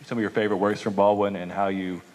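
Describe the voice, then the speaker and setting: A man in the audience puts a question to the speaker. His voice is low and flat and his words come fast. He hesitates and stumbles over titles, and the hall adds a long reverb. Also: a little hiss or hum. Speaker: audience member asking a question.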